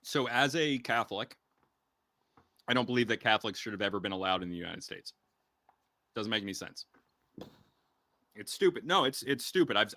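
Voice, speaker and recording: A man's voice: fairly low pitch, bright, forceful tone, no echo, studio quality. A young man hosting a casual podcast conversation, talking emphatically and rambling with frequent restarts. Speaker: podcast host.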